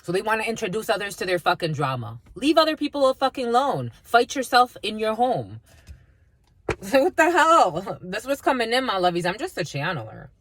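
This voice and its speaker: A woman's voice: medium pitch, brisk, slight background noise. A woman giving a casual spiritual reading to camera, blunt and swearing freely, often breaking into laughter and calling her viewers "my lovies". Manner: animated, laughs often mid-sentence. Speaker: spiritual reader and channeler.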